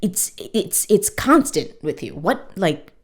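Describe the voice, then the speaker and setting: A woman voicing an exasperated cartoon older sister who talks in a drawn-out, fed-up way. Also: lowish voice, big pitch swings.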